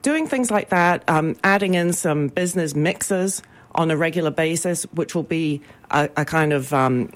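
A woman's voice: deep voice, normal speed. A woman talking as a guest about her business association's events, upbeat and full of ums. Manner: chatty, many ums, upbeat promotional. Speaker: business improvement association representative. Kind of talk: radio interview guest.

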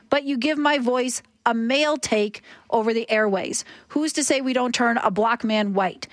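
A woman's voice: a little high, no echo, clean studio sound. A woman, arguing passionately and emphatically as a talk radio host. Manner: impassioned, emphatic.

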